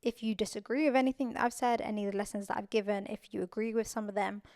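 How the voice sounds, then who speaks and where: A woman's voice: medium pitch, fairly even intonation, quick pace, a little mellow, no echo, studio quality. A young adult woman hosting her own podcast, talking earnestly and repeating phrases for emphasis. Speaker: podcast host. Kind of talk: casual solo podcast talk.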